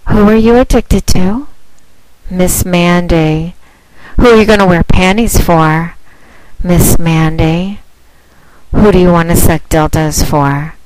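A woman speaking in a slow, teasing and commanding way in a recorded promotional monologue. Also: on the low side, no echo, poor audio. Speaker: phone-sex operator.

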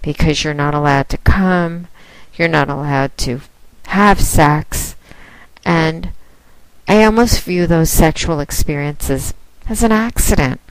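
Woman, lower voice, unhurried, dominant and teasing, casual monologue, recorded dry and close. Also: clean tone, no room sound, poor audio. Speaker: phone domination mistress promoting her line.

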